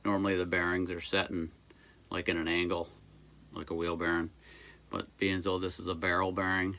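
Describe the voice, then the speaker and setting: A man's voice: sits low, sharp tone. A man who runs a small engine repair shop, giving a casual, rambling how-to with jokey asides while he works at his bench. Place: workshop by a busy road.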